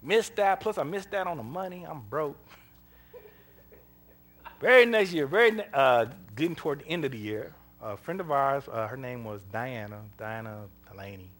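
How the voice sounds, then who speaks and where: In a mid-range voice at a moderate pace, a preacher tells personal stories during his sermon in a homey, conversational way. He animatedly acts out the exchanges in each story and laughs frequently.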